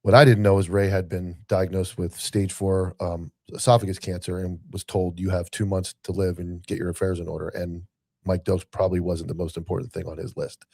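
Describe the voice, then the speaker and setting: A man's voice: deep voice, level tone, brisk, vocal fry, a little mellow, no echo. A man hosting a podcast, talking in a casual, rambling way with many restarts. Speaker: podcast host. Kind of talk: casual chat.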